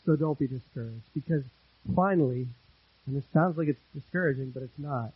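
A man preaching a sermon as pastor, earnest, repeating phrases for emphasis and swinging between loud and hushed delivery. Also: mid-range voice, fairly quick, husky, lo-fi sound.

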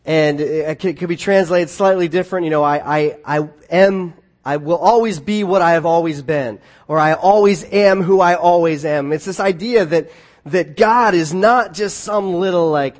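A man preaching a conversational sermon, often restarting his phrases and swinging between quiet asides and emphatic points. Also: on the high side, normal speed. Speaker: pastor.

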